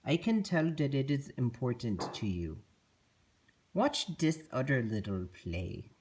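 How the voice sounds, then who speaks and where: Woman voicing a unicorn host, kids show, deep voice, lively, unhurried, soothing. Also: husky, heavily acted. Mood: calm. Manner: slow, soothing, teaching. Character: gentle patient unicorn host, female.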